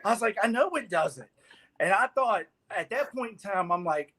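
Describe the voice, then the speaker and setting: A man, a guest on a talk show, telling an animated story and acting out the people in it. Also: sits high, moderate pace. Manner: lively, laughing, acts out the people in his story. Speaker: guest sponsor representative.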